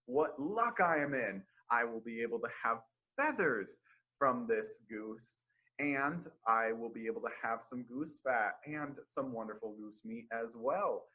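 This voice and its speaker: A man's voice: mid-range voice, a little slow, pushed and bright, breathy edge, rough recording. A man voicing a simple, easily pleased young man who talks to himself in delight during a children's storytime read-aloud. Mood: cheerful.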